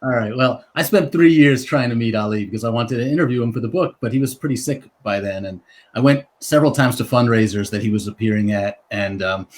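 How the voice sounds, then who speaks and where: A man's voice: medium pitch, brisk. A man, a biographer guest on a video call, telling a story in a modest, joking way. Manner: modest, self-deprecating, joking. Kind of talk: conversational storytelling. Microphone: video call mic.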